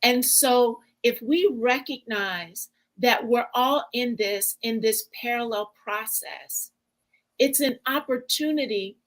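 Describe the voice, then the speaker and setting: A woman guest speaker and relational coach giving a measured, explanatory interview answer. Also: fairly high pitch, fairly bright tone, rough recording.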